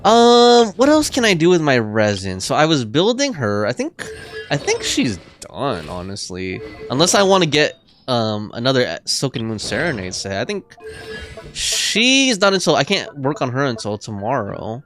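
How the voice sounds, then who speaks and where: A man's voice: mid-range voice, wildly swooping pitch, moderate pace, fairly bright tone, soft background music. A young man livestreaming a game, chatting casually, rambling through restarts and laughing often.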